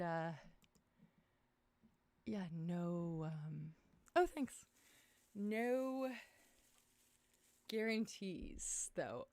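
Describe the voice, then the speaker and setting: A young woman hosting a casual livestream from her small room at home, chatty and excitable, jumping between topics while tired and losing her voice. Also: fairly low pitch, dry recording. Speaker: livestream host.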